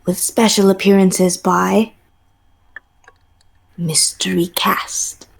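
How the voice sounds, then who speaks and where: A woman's voice: mid-range voice, steady tone, extremely slow, gravelly, slightly rough. A woman on a game stream giving a playful, theatrical mock movie-trailer narration, dropping into whispers and laughing between phrases. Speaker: stream co-host.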